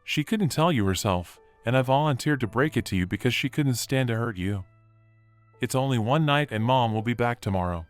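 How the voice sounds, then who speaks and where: A man voicing a tearful adult daughter who pleads apologetically with her father, speaking at an even middle pitch. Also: fairly quick, clean tone, faint music behind, close to an everyday voice. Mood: pleading.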